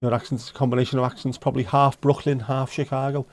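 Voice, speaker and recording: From a home livestream setup with no room sound, a Liverpool-born host talks quickly in a mid-range, level, slightly mellow voice. His Scouse chat with viewers, replying to their comments, is blunt, full of swearing and dry jokes.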